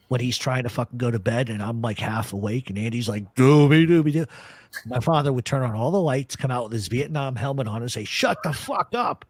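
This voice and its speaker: A man's voice: medium pitch, no echo. Male host, casual storyteller, profane and rambling, dry close sound. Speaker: podcast host.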